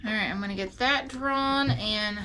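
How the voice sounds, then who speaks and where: A woman's voice: a little high, normal speed, pushed and bright. A woman, casually explaining goat care in a barn feed room in a chatty, rambling way. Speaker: goat farmer. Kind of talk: casual how-to farm vlog. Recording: farm noise with clucking chickens.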